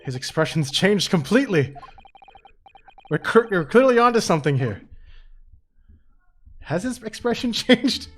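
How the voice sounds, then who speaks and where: A man's voice: high-pitched, big pitch swings, unhurried, long pauses, a bit bright. A man casually commenting on a game he is playing, with laughing asides between read dialogue. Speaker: let's play host.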